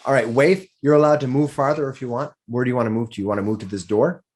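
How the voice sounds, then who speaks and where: Male game master, mid pitch, descriptive, stops and restarts a lot. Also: quick pace, darkish tone. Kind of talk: narrating a tabletop game.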